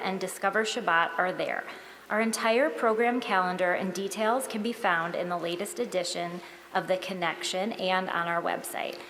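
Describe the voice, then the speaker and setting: A woman reads community announcements in a clear, scripted way at an everyday mid-range pitch. Her voice carries long reverb from a large sanctuary, with faint noise in the background. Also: a bit bright. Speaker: congregation announcer. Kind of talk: read announcements. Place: synagogue sanctuary.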